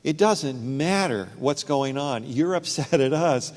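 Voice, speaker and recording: A man's voice: a little high, unhurried, darkish tone. A man who works as a relationship counselor, talking casually in a panel discussion and telling anecdotes from his practice. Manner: conversational, storytelling with anecdotes. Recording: long hall reverb.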